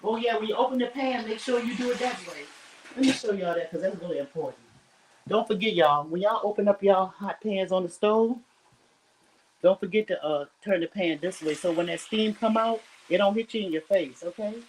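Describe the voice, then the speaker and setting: A woman's voice: mid-range voice, fairly quick, darkish tone, recorded from a distance, a little hiss or hum, low-quality recording. A middle-aged woman hosting a casual cooking livestream from her home kitchen, chatting straight to her viewers with lots of asides. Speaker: home cook livestream host.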